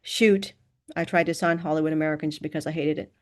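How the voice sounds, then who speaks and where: A woman narrating a first-person novel in an even, measured reading voice. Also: deep voice. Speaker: audiobook narrator.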